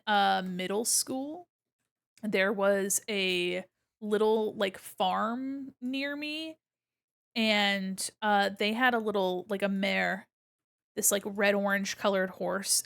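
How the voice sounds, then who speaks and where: A young woman streamer chatting casually with her viewers while she draws, animated, laughing often and swearing freely. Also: medium pitch, slow pace, vocal fry. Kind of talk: casual chat with a live stream chat while drawing.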